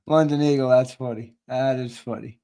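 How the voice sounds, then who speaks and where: A man's voice: mid-range voice, dark tone. A man hosting a sports show in casual livestream chat, brash and profane. He reads and answers the live chat, laughs often and repeats himself. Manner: brash and profane, with trash talk.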